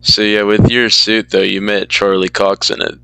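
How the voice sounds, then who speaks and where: A man's voice: on the low side, flat delivery, normal speed, vocal fry, bright, forceful tone, clean tone, no room sound, low-quality recording. A man hosting a podcast, asking questions in a laid-back, easily amused way. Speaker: podcast host. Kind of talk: casual chat.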